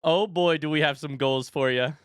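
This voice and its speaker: A young man streaming live, hyping up a charity event with excitable announcer energy and then chatting casually with viewers while out of breath. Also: on the high side, clean tone, no echo, clean studio sound. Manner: excitable, hyped announcer delivery that shifts to quick casual asides.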